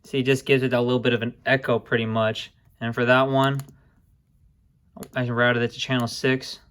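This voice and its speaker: A young man talks through a software tutorial in an easygoing, informal way. His voice sits in a middle register and stays fairly flat and even. He drops in casual asides and quick apologies as he clicks around. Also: medium pitch, clear, resonant tone. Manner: laid-back, addresses viewers as guys, apologizes for slips. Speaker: music production tutorial host. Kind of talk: casual screen-recorded tutorial.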